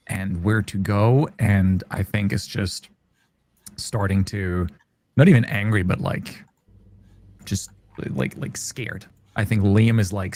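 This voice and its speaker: Slow, searching tabletop player. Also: male voice, on the low side, creaky, a little mellow. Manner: searching for words, full of "like" and "I think". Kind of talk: describing his character's feelings in a tabletop game.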